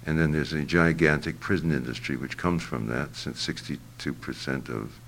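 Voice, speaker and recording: An older man with an extremely low, gravelly voice talks slowly through his thoughts, pausing often with fillers and restarting phrases. There is a faint noise under the recording. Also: fairly even intonation, fairly bright tone. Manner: halting, searching for words, many fillers and restarts. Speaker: interviewee. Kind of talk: reflective interview answer.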